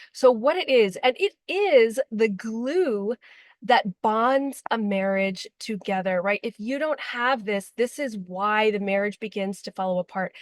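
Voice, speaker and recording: A woman's voice: fairly high pitch, no echo. A woman relationship coach speaking earnestly and emotionally to her viewers, with frequent ums and likes. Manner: emotional, heartfelt, with frequent fillers. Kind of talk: earnest direct-to-camera talk.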